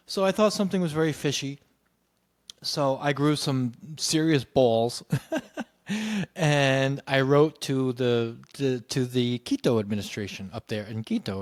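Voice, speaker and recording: A man in casual storytelling, animated and acting out what others said. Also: mid-range voice, moderate pace. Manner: animated, acts out quoted voices. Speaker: podcast guest telling his story.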